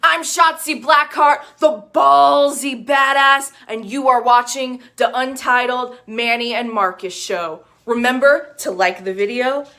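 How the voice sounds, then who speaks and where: Brash lady doing a playful shout-out clip, bright highish voice. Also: a little slow, hardly any pauses. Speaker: wrestler giving a show shout-out.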